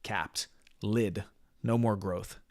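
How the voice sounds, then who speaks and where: A man's voice: fairly low pitch, fairly even intonation, slow pace, no room sound, clean studio sound. A man acting as a business mentor, giving a blunt motivational talk full of profanity and emphatic repetition.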